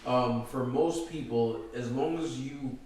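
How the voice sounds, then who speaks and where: A man from Nigeria talking loudly and animatedly in a casual podcast chat, heard a bit off-mic. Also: mid-range voice, slow, distant mic, slight background noise. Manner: loud, animated, laughing storyteller. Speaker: podcast co-host. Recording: roomy echo, voice a bit off-mic.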